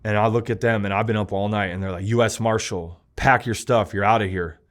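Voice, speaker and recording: A young man, an interview guest, telling a rough personal story in casual talk, acting out the voices he quotes and swinging from hushed to loud. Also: on the low side, fairly even intonation, fairly quick.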